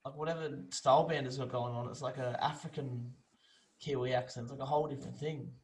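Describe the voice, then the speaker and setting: A man's voice: mid-range voice, fairly even intonation, fast talker, darkish tone, a little hiss or hum, poor audio. Sweary man, casual banter. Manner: swears freely, loose rambling banter. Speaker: podcast co-host. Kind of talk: casual sports chat.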